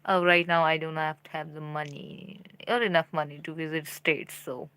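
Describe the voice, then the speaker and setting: A woman's voice: deep voice, steady tone, moderate pace, a bit bright, clear, resonant tone, no echo. A young woman from India chatting casually with viewers on her live stream. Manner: chatty, talks straight to viewers.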